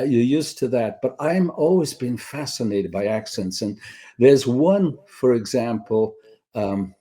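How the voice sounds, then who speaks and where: An older man talks in a mellow, low-lit tone. He wanders through his stories and circles back with frequent fillers, like a guest settling into a relaxed conversation. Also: slightly rough. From Britain. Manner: rambling, with many fillers and restarts. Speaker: guest screenwriter. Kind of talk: casual storytelling interview.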